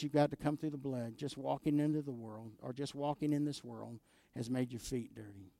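A middle-aged man preaching a sermon as pastor, with call-and-response asides, his voice swinging from loud to quiet. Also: medium pitch, fairly quick, creaky, dry recording.

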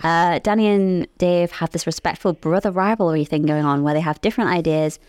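A woman's voice: on the low side, a little fast, darkish tone, clean tone, no echo, clean studio sound. A British woman co-hosting a podcast, chatting casually and laughing often. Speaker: podcast co-host. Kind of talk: casual chat.

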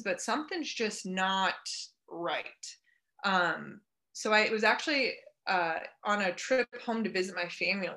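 A woman's voice: medium pitch, pushed and bright. A woman, a health coach and personal trainer, telling her story in a casual, reflective interview with chatty fillers and restarts. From Kansas City area.

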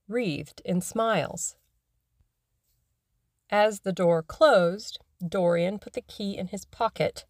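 A woman narrating a classic novel in a measured, even way, as scripted audiobook narration. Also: fairly low pitch, no echo, studio quality.

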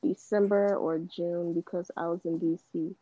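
A woman on a casual podcast, talking in a low-key, sleepy, deadpan way. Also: normal speed, no room sound, lo-fi sound. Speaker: podcast guest.

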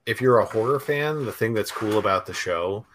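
Male podcast guest, lower voice but bright tone, enthusiastic casual talk. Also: moderate pace, slight background noise. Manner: enthusiastic, excitable. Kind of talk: casual chat.

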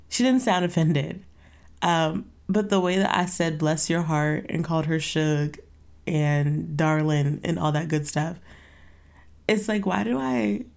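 A woman's voice: fairly low pitch, a little mellow. A young woman hosting her own podcast in a casual solo chat, rambling playfully and tossing in sassy asides. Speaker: podcast host.

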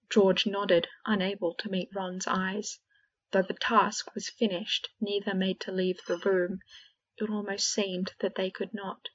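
A woman narrating a fan fiction audiobook in a steady, measured way. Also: medium pitch, slightly rough. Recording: dull lo-fi recording.

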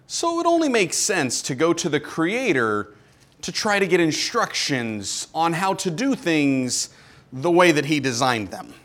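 A man's voice: fairly high pitch, very animated, measured pace, a bit bright. A male pastor preaching a conversational, emphatic sermon full of rhetorical questions.

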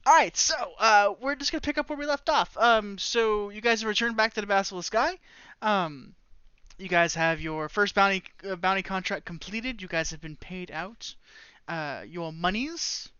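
A man with a high, bright, smooth voice runs a tabletop session. He rambles loosely and fills his pauses with ums and uhs. The sound is dry and a little dull. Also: dry recording. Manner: loose, rambling, heavy on filler words. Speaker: game master. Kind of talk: narrating a tabletop game.

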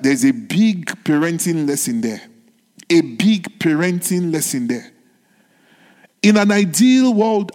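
A male pastor preaching a sermon, telling a story and asking the congregation rhetorical questions. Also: on the high side. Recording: long hall reverb.

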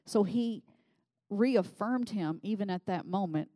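A woman preaching a sermon in a conversational way, reading scripture and becoming animated as she voices the people in it. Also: medium pitch, unhurried, dry recording. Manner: conversational, animated when voicing scripture figures.

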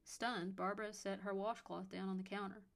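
Woman narrator, measured storytelling read, audiobook style. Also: medium pitch, flat delivery, gravelly.

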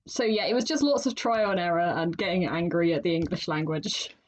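A woman's voice: lowish voice, animated, a little fast, a little hiss or hum, low-quality recording. A woman hosting a writing podcast in casual chat, chatty and laughing often. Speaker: podcast host.

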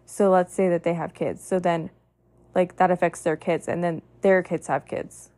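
A woman's voice: lowish voice, fairly even intonation, moderate pace, darkish tone. A woman hosting a podcast, giving a heartfelt motivational monologue in an earnest way, stacking long lists and often saying "like". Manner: earnest, repetitive lists, frequent "like" fillers. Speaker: podcast host.

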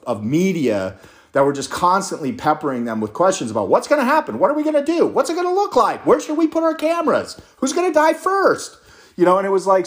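A man telling a story in a casual monologue, swearing freely and slipping into mock quotes. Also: fairly high pitch. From United States. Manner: profane, animated ranting with mock quotes.

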